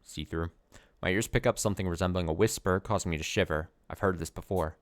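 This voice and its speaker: Deep-voiced man reading game text. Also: fast talker, dry recording. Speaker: let's play narrator.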